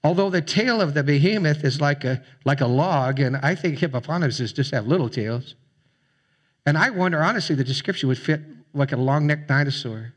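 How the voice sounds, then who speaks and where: A man's voice: fairly high pitch, animated, a little fast, breathy edge. Man preaching a conversational sermon. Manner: conversational, with fillers and repeated words. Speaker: pastor.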